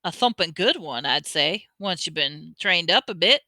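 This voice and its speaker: A woman voicing a huge, gruff but big-hearted male giant, speaking slow and booming. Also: animated, sharp tone, no echo, clean studio sound. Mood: earnest.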